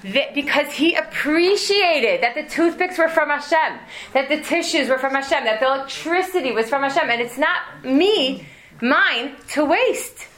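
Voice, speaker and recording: Woman, 40s, teaching a class; slightly high voice, animated humorous storyteller. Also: normal speed. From United States. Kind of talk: religious lesson to an audience.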